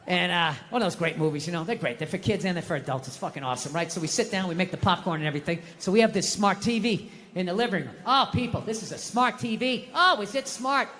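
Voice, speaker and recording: A male stand-up comic with a bright, forceful voice, cursing his way through a rant that keeps climbing toward shouting. He is heard through a stage mic, with the long reverb of a big outdoor venue and a faint wash of ambience behind him. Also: sits high, animated, fast, a little hiss or hum. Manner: profane, ranting, rising into mock-furious shouts. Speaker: stand-up comedian. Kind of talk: stand-up comedy set. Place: large outdoor stage in the wind.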